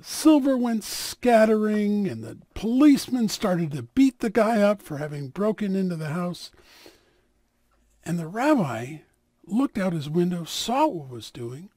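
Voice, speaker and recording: A man telling a story aloud in an animated, dramatic way. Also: sits high, a little slow, dry recording, clean studio sound. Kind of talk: oral storytelling.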